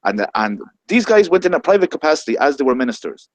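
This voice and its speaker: A man's voice: on the high side, very animated, fast, dry recording. An Irish man on a roundtable panel, talking bluntly and with indignation, swearing as he goes. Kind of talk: heated roundtable discussion.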